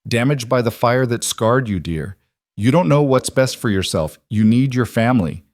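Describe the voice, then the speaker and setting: A man's voice: mid-range voice, lively intonation, normal speed, no room sound, clean studio sound, lightly acted. A man voicing a cold, condescending mother in a spoken frontier story. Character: cold, cruel woman, a scheming mother.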